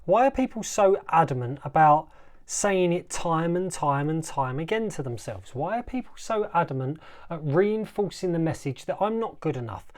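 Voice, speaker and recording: A man's voice: on the high side, lively intonation, a little mellow. Emphatic man hosting a motivational podcast. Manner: emphatic, repetitive, slows for dramatic effect. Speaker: life coach, podcast host.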